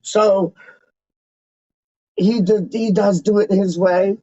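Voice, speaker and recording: A man hosting a livestream as a self-styled, snobbish Englishman, rambling slowly in pompous rhyming nonsense. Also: high voice, steady tone, warm tone, no echo. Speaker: livestream host. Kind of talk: comic in-character livestream ramble. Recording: dull, lo-fi, dry sound.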